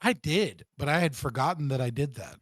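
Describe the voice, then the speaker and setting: A man's voice: on the high side, expressive, brisk, no echo. Dry-voiced man joking in casual chat. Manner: joking, swears freely. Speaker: show co-host.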